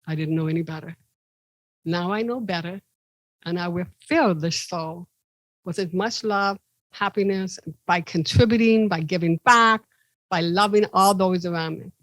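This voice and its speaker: Woman guest, lively storytelling, acts out voices, dry close sound. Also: normal speed, dry recording, rough recording. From Ohio, USA. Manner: animated, acts out quoted voices with big pitch jumps. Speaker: podcast guest. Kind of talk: personal storytelling.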